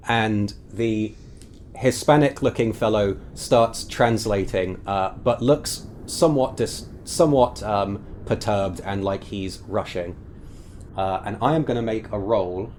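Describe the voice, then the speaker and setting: A man's voice: lowish voice, measured pace, darkish tone, slight background noise. A man running a tabletop game as game master, describing scenes at length with frequent fillers.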